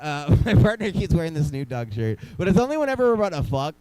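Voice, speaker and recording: A man's voice: on the high side, sing-song, quick pace, darkish tone, clean tone, no room sound, low-quality recording. A young man doing stand-up comedy in a small club, rambling loosely and teasing the crowd.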